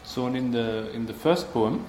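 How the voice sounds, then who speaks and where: A man asks slow, careful questions about a poem and mostly answers with quiet murmurs. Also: mid-range voice, slight background noise. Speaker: student. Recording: echoey room, off-mic.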